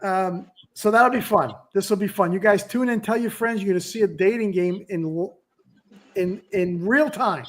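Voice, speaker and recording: A man's voice: high-pitched, normal speed. A man in his sixties hosting a podcast, chatting casually and rambling with restarts and asides. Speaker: podcast host. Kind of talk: casual chat.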